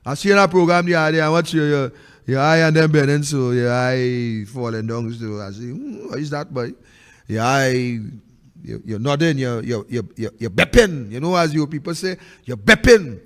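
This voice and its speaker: This political commentary host, a Trinidadian-accented man, has a mid-range voice with a clean tone and a moderate pace. The room sounds large, and his rant runs fiery and repetitive, occasionally becoming sing-song, as an impassioned monologue.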